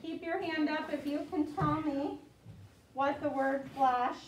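A woman's voice: high voice, a little slow, background noise. A woman teacher leading a vocabulary lesson, patiently repeating each word for the class to echo. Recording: echoey classroom from far off.

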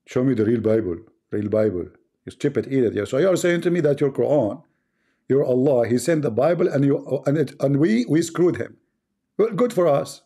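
A sarcastic host with an Arabic accent, his voice gravelly and rough with a husky edge. The tone is dark and mellow as he taunts and mocks his callers on a live stream. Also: a little high, animated, brisk. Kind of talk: mocking live-stream banter.

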